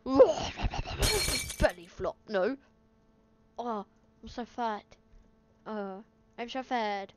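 Woman, excitable let's play commentary, exclaiming at the game, slow drawn-out talk, noisy recording with game sounds. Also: on the high side. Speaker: gaming video host. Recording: game sounds and noise behind. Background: video game sound effects.

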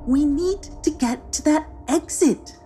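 A woman's voice: high-pitched, slow, dark tone, faint music behind, voice pushed up. A woman voicing a confident, clever young girl twin in a children's story. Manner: confident, proud.

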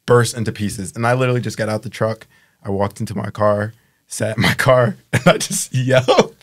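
A man's voice: on the low side, fairly quick. A man in casual podcast chat, recounting a story in a laid-back way. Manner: laid-back, laughs through his story. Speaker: podcast guest.

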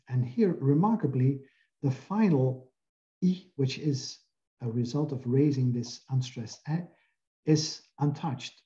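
Dark-voiced male lecturer, muffled audio. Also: medium pitch. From Belgium. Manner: careful, explanatory, with frequent "uh" pauses. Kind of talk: academic lecture.

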